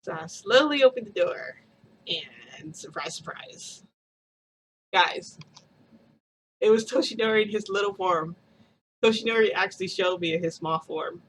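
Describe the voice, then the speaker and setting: A woman vlogger chats excitedly to her viewers, gushing and giggling as she tells her story. Her voice sits in a mid range, with a faint hiss of room noise behind it. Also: mid-range voice, brisk.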